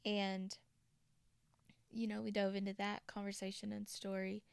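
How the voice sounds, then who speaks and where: A woman's voice: medium pitch, monotone, a little slow, vocal fry, clear, resonant tone, no echo. A woman from Tennessee hosting a podcast, retelling a story casually with chatty asides. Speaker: podcast host.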